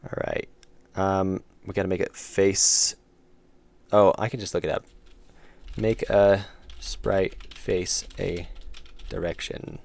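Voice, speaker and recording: Low, gravelly male streamer, casual, mutters while coding, keys clacking. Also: level tone, slow, darkish tone, no room sound. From United States. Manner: thinks aloud, mumbles while working, chats with viewers. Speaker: game developer streamer.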